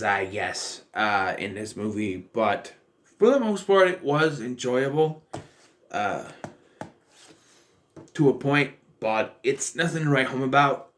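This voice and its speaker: Male YouTube film reviewer, young adult, rambling and self-correcting, mid-pitched voice. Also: a bit bright. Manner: rambling, self-correcting, acts out quoted lines. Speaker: movie reviewer.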